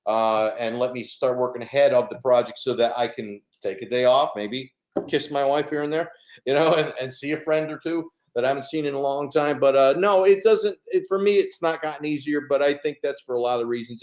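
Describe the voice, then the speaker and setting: A middle-aged man, a comics artist, talking earnestly and steadily at a live event, with plenty of fillers. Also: mid-range voice. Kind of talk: casual chat at a live event. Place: comic shop event room. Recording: roomy shop echo.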